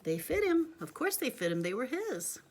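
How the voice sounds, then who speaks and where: A woman's voice: high voice, big pitch swings, moderate pace. Playful woman reading a storybook aloud. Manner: playful, chatty asides, drops to whispers. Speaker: parent reading a storybook to a child. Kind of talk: animated read-aloud storytelling.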